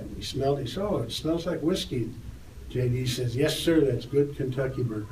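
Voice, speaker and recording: In a roomy space, an older man, an interview guest who works as a tour photographer, tells lively anecdotes and raises his voice for quoted dialogue. His medium-pitched voice is brisk, with a little hiss or hum, picked up by a distant mic amid faint ambience.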